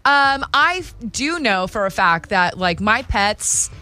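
Bright, playful woman on morning radio. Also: medium pitch, animated, slow, clean tone, soft background music. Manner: playful, laughing, chatty. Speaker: radio show co-host. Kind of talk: casual morning radio chat.

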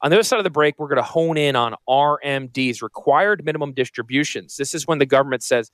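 A man hosts his radio show in a brash, rambling, sarcastic way. His voice sits a little high. The sound is dry and close, with no room around it. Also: fairly quick, few pauses, a bit bright, no room sound. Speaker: radio host, financial planner. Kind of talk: joking talk radio monologue.

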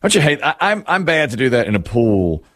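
A middle-aged man chatting casually on a talk show, rambling through a self-deprecating story about his family. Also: brisk. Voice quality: animated, lively pitch swings. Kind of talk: casual morning-show chat.

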